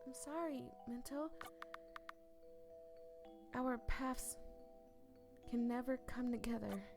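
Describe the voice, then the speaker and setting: A woman voicing a sweet, gentle young man in a game, speaking softly and apologetically. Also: fairly high pitch, slow, creaky, over music, voice pushed up. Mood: sorrowful. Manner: soft, apologetic, earnest.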